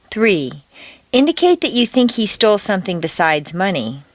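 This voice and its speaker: A woman teaching pronunciation on a scripted audio course, speaking deliberately and exaggerating the stressed words. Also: medium pitch, very animated, no room sound.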